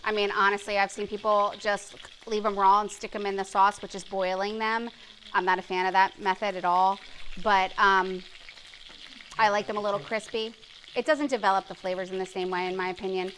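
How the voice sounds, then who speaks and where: Bright, chatty cooking show hostess. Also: female voice, mid-range voice, flat delivery, brisk, a little hiss or hum, poor audio. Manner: chatty, explains cooking tips, laughs easily. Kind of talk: live cooking show banter. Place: live studio kitchen with audience.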